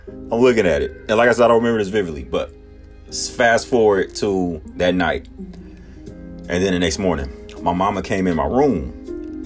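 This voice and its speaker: Low-voiced laughing male podcast host. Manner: laughs often, animated storytelling, acts out quotes in high voices. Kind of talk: casual storytelling.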